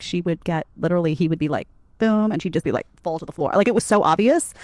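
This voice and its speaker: A woman's voice: fairly low pitch, no echo, clean studio sound. A woman telling a college story in a casual, chatty way, laughing and adding emphatic asides.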